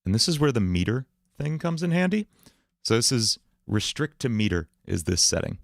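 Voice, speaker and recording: A man's voice: medium pitch, very animated, normal speed, creaky, dry recording, studio quality. A man hosting a casual livestream, thinking aloud as he tries out words for a song. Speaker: livestream host writing songs.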